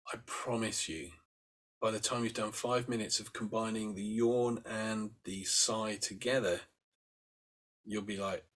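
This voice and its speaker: A man leading a meditation lesson, talking gently and unhurriedly as he walks listeners through sighing and yawning exercises. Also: fairly low pitch. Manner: gentle, unhurried, with demonstrated sighs and yawns. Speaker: meditation teacher. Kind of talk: guided breathing instruction.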